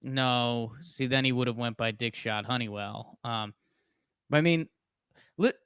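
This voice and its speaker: Podcast co-host, man, slight lisp, bright clear tone, slow easy delivery. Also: mid-range voice, no room sound. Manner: joking, mock-dramatic narration in the intro. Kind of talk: casual comedic podcast chat.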